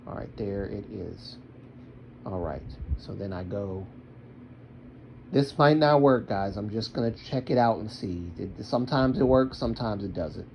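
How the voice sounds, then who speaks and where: A man's voice: on the low side, expressive, a little slow, creaky, highs cut off, slight background noise. A man chatting casually on a livestream, rambling and talking to himself while using his computer.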